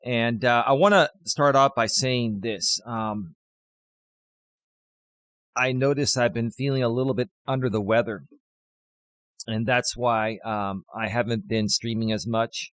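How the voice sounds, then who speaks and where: A man hosts a live coaching stream while fighting a cold, a little out of breath. He is mid-pitched and emphatic, repeating his key points slowly. His voice is close and dry, with no room sound. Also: steady tone, a bit bright, no echo. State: has a cold, a bit out of breath.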